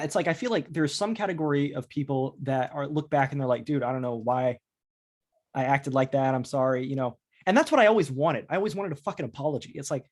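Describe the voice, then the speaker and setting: A man in his thirties hosting a podcast, chatting casually and rambling, swearing freely with frequent restarts. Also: a little high. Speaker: podcast host. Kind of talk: casual chat.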